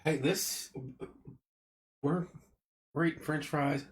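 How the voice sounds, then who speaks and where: A man's voice: a little high, steady tone, slow, slight background noise. A man hosting a casual livestream, chatting loosely and greeting viewers by name while he eats. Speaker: livestream host. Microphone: clip-on mic.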